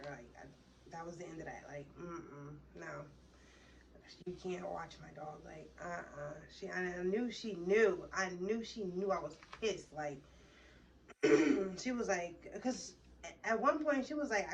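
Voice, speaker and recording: A woman's voice: lowish voice, a little slow. A young woman vlogger tells a heated, rambling, profane story in a casual way. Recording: distant mic with faint background noise.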